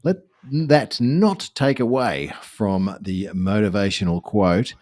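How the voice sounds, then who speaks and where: A man's voice: fairly low pitch, lively intonation, slow pace, a little mellow. A man co-hosting a podcast, chatting enthusiastically and correcting himself as he goes. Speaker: podcast co-host. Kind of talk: casual podcast chat.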